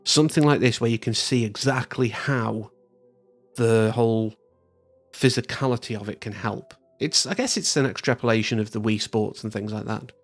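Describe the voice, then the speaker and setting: A man's voice: medium pitch, moderate pace, soft background music. A man giving a chatty, enthusiastic spoken review of a game, rambling and restarting his sentences.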